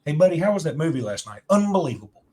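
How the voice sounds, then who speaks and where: A man's voice: fairly high pitch, lively intonation, very fast, warm tone. Rambling Alabama man telling a story. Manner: rambling storyteller, self-deprecating. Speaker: podcast co-host. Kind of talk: casual sports chat.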